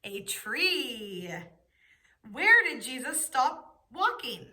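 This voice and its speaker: Bright, high-voiced woman teaching preschoolers. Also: sing-song. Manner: slow, patient question-and-answer prompting. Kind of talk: teaching young children.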